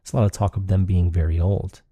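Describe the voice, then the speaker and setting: A man's voice: sits low, little pitch movement, fast, warm tone, slightly rough, no room sound. A man hosting a solo podcast, rambling and thinking aloud with frequent restarts. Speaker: podcast host.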